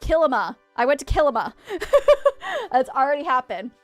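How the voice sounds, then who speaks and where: A young woman from Maine streaming a game, chatting with viewers in an excitable, rambling, easily distracted way. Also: sits high, fast, no echo, soft background music. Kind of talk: casual livestream chat with viewers.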